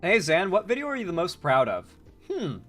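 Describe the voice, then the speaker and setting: A man's voice: sits high, brisk, faint music behind. Guy streaming political commentary, reads chat out, bouncy up-and-down voice, jokey and swears a lot. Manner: animated, joking, swears casually. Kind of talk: live stream reading chat aloud.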